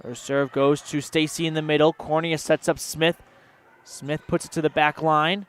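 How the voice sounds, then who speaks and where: A play-by-play announcer calls a volleyball match for local radio, rattling off the action rapidly and working sponsor names into his calls. His voice is smooth, clear, a little high, and level in tone.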